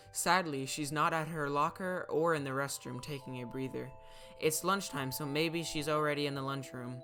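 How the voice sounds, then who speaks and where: A man reading his own short story aloud in a steady storybook narration. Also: on the high side. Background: faint music.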